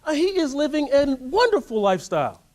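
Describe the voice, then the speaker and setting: A man giving a motivational workshop talk, telling a story in an animated way and asking the audience to join in. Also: very high voice, brisk. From United States. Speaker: workshop speaker. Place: workshop room.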